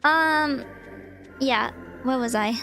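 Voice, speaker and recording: A woman streaming live, reading a guide aloud and chatting hesitantly with many pauses and ums. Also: sits high, bright, forceful tone. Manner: hesitant, full of ums and restarts. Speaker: VTuber streamer.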